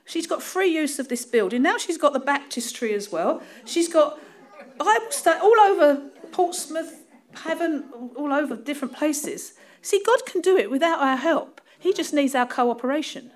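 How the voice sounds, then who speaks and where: A woman with a Cockney accent gives a relaxed, conversational sermon. Her voice sits high and swings widely in pitch, and she laughs often and pokes fun at herself between points. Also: normal speed. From East End of London. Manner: lively, laughing, self-deprecating storytelling. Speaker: preacher. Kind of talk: informal sermon.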